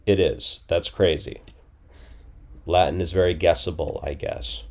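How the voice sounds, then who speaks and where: Slow, mellow-voiced man in his forties. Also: sits low, steady tone. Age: 40s. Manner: thinking aloud, guessing phrases and repeating them. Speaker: language teacher. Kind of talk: casual screen-recorded lesson.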